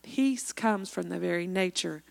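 A woman giving an earnest sermon testimony in church and reading scripture slowly. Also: on the low side, creaky. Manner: earnest, slows down to read scripture.

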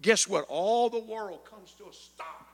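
High gravelly preacher in his fifties. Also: unhurried, big-room sound. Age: 50s. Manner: builds to shouted climaxes, chanting amen. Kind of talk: sermon.

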